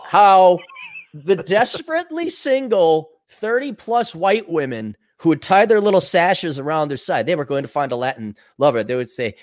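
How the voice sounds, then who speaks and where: A man's voice: a little high, animated, moderate pace. A man co-hosting a podcast in crude, joking casual chat. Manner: crude, joking, mimics accents. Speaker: podcast co-host.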